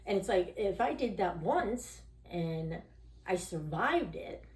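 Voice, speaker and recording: A woman with a low, very animated voice speaks slowly as a podcast interview guest, telling her own story candidly and in a rambling way. She fills it with "you know" and "like" and often acts out the voices of people she quotes. The recording has a roomy echo.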